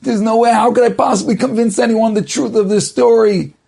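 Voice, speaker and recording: A man's voice: high voice, little pitch movement, measured pace, creaky, warm tone, pitched above the performer's own voice, heavily acted. A man voicing a frightened grain merchant who pleads desperately about being framed. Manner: pleading, panicked.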